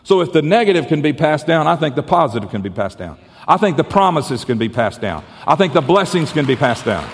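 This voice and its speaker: Earnest preacher in a reverberant hall. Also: male voice, fairly high pitch, sing-song, brisk, hardly any pauses, some chatter behind, slight background noise. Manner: earnest, repeats and restarts, drops to soft tones for the story. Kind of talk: sermon with storytelling.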